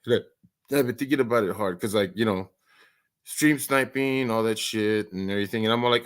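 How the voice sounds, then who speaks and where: A man's voice: on the low side, moderate pace, clear, resonant tone. A man hosting an early-morning live stream, chatting casually, rambling and stammering through many restarts and laughing often.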